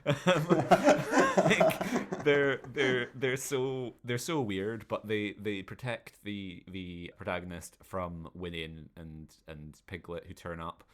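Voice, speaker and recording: A man's voice: low-pitched, fairly bright tone. A man co-hosting a podcast, reviewing a bad film in casual, sweary chat and mocking the characters in put-on voices. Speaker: podcast co-host.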